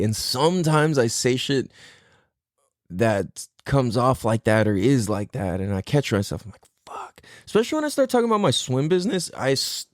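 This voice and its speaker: A man's voice: medium pitch, darkish tone, no room sound, studio quality. A man hosting a podcast alone, talking casually in a rambling, profane, self-deprecating way. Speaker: podcast host. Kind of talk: casual solo podcast monologue.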